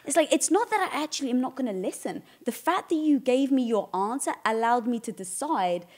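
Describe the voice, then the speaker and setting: A woman's voice: high voice, lively intonation, brisk, darkish tone. A woman co-hosting a casual talk show, thinking aloud and asking her guest questions. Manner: talks things through, asks questions. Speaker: co-host. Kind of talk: casual chat.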